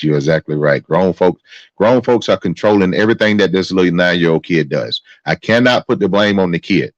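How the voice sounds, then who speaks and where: Hosting his own stream, a man with an extremely low, deep voice gives angry, profane commentary at a brisk pace, repeating himself as he circles back. The audio is dry, slightly dull, and echo-free, like a close lo-fi mic.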